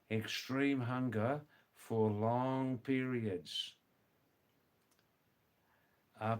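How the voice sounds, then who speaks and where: A man from Australia with a mild Australian accent, hosting a live stream and explaining words to his viewers, repeating the key words as he goes. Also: mid-range voice. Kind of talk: casual live chat explaining language.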